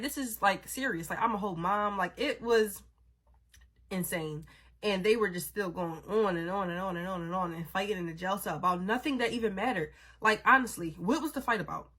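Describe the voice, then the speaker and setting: A woman vlogger telling a story in a casual, animated, dramatic way, swearing freely. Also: mid-range voice, husky.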